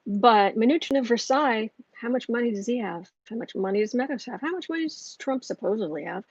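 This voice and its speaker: A woman's voice: a little high, animated, fairly quick, breathy edge, no room sound, dull audio. A woman hosting a livestream tarot reading, heated and ranting, often restarting her sentences. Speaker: tarot reader and channel host.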